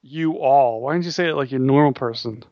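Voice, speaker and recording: A man's voice: medium pitch, fast, no room sound. A man co-hosting a casual late-night podcast chat, making dry, matter-of-fact remarks. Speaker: podcast co-host. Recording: dull lo-fi dry recording.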